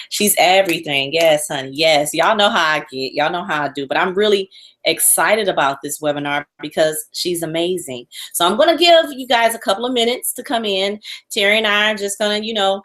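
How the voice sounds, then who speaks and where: A woman's voice: fairly low pitch, a bit bright. A woman hosting a live online webinar, gushing and repetitive as she talks straight to her audience before introducing a guest. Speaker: webinar host.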